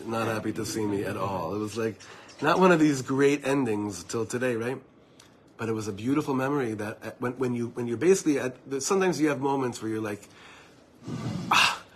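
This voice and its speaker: Male teacher, mid-pitched, earnest and personal, informal group talk, faint background hum. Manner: earnest, personal storytelling with asides to listeners. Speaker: Torah teacher.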